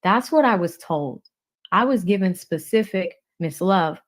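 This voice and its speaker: Woman, livestream host, reading transcripts aloud, slow and measured, names each speaker in turn. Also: lowish voice, lively intonation. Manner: reads slowly, naming each speaker before their lines.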